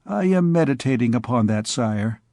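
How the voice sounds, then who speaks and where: A man voicing a greedy, cunning royal physician who speaks in a slow, pompous, wheedling way, in an audiobook reading. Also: mid-range voice, animated, a little mellow, dry recording, studio quality, natural voice. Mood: grave.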